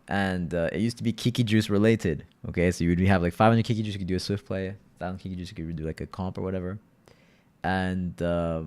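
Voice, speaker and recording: A young man streaming a game with his viewers, chatting loosely, repeating himself and calling everyone "bro". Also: lowish voice. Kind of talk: casual live-stream gaming chat.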